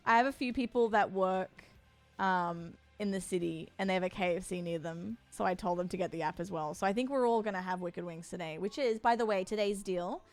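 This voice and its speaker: A young woman with a soft Australian accent chatting casually on a live stream. She is bubbly and chatty, gushes with excitement, and fills pauses with frequent ums. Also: medium pitch. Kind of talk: casual live-stream chat with a sponsor read.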